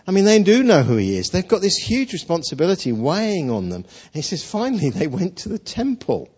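Casting: preacher man, chatty storyteller, husky voice with a lively lilt, dull lo-fi sound. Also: high voice, brisk. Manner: conversational storytelling, with rhetorical questions. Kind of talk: sermon.

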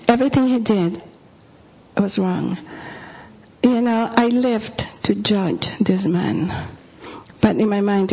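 A woman's voice: a little high, a little mellow, slightly rough. A woman pastor preaching with humorous, confessional stories, often dropping to a whisper. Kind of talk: sermon storytelling. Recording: dull lo-fi recording.

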